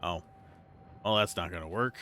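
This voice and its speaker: A man's voice: low voice, moderate pace, sharp tone, slight background noise. A man casually commenting on his gameplay in a laid-back, wry way, thinking aloud. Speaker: let's play streamer.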